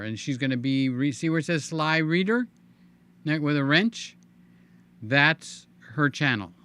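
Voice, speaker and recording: An older man hosting a live stream in a casual, chatty way, reading viewer comments aloud with a hoarse, tiring voice. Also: a little high, a bit bright. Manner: chatty, reads viewer comments aloud, hums filler sounds. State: hoarse, voice giving out. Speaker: livestream host.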